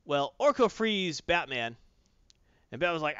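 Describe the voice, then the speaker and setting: A man's voice: a little high, normal speed, no room sound. A man chatting casually and animatedly, retelling a story and acting out parts, recorded dry and muffled. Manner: animated storyteller, acts out voices. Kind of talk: casual chat recapping a comic.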